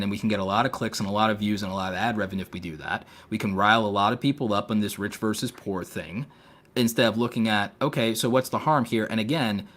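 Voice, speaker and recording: A man hosting a casual podcast with a fairly low voice. He talks in long, winding runs packed with "like" and "um", and turns sarcastic to make a point. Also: fairly bright tone. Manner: rambling, sarcastic, filler-heavy. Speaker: podcast host.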